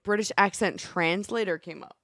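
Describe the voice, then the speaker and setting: A woman's voice: mid-range voice, normal speed, a bit bright, no room sound, clean studio sound. A young woman co-hosting a casual show, joking and giggling as she tries out a British accent. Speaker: radio show co-host. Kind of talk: casual chat.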